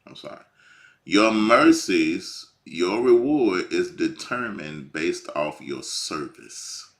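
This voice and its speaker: A man delivers an informal sermon in a lowish voice. His tone is bright and his pitch moves a lot. He drops to a hush and climbs to near shouting. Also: slow pace. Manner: animated, swings from hushed to near shouting. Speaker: bible teacher. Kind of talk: informal preaching.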